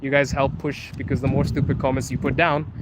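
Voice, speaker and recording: A man's voice: mid-range voice, level tone, a little fast. A young man hosting a casual live stream outdoors on a city street, talking into a phone at arm's length, reading viewer comments aloud in a laid-back, playful way and laughing often. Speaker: livestream host. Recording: street traffic noise behind.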